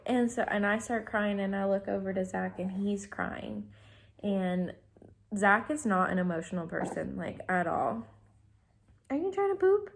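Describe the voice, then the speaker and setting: A young woman tells her story straight to camera in an unscripted, casual way. She rambles, trips over her words and fills pauses with ums and likes. Her voice sits in a middle pitch. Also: fairly even intonation, gravelly. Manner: rambling, many fillers and restarts. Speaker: vlogger.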